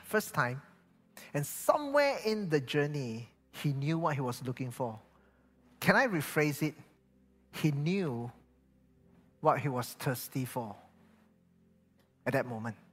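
Malaysian pastor preaching in a reverberant hall. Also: male voice, a little high. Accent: Malaysian English. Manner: animated storytelling, acting out quoted voices. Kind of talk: sermon. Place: church hall. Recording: reverberant hall with faint music behind.

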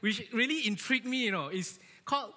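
High, bright-voiced man preaching with laughs. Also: fairly quick. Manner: animated, laughing, often asks "right?". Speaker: church speaker. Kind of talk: lively sermon with jokes. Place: church hall. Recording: echoey church hall.

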